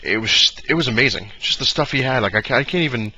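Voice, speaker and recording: Excitable rambling man, bright voice. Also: mid-range voice, quick pace, muffled recording, slight background noise. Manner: rambling, excitable, many fillers and restarts. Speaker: comic collector vlogger. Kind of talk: casual storytelling to camera.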